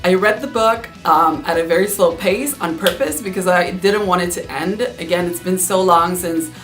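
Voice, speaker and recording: A young woman with a Cuban accent talks straight to her viewers in a casual, eager review vlog. Her voice sits a little low for a woman. Soft music plays faintly behind her. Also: moderate pace. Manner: chatty, eager, addresses viewers directly. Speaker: book reviewer, channel host.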